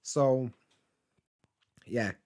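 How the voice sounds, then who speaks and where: A man's voice: medium pitch, extremely slow, a little mellow. Laid-back man chatting. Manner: laid-back, chatty, swears freely, laughs often. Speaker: vlogger reading live chat. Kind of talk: casual live-stream chat.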